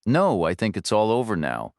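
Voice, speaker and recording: A man's voice: huge pitch swings, normal speed, creaky, dry recording, studio quality, full character voice. A man voicing a frail, wavering old woman. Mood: resigned. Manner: hesitant, wavering, low and resigned. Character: frail old woman, sad, hesitant and resigned.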